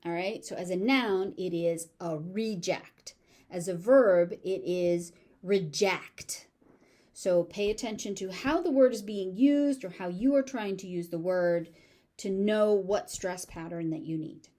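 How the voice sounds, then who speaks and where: A woman with a General American accent teaching pronunciation, repeating each word slowly before explaining its sounds and stress. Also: medium pitch, dark tone. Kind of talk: slow, deliberate pronunciation drill.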